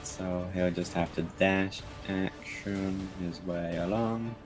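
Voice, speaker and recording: A man playing a tabletop role-playing game, describing his character's actions at an unhurried pace. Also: low voice, steady tone, music in the background. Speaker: player.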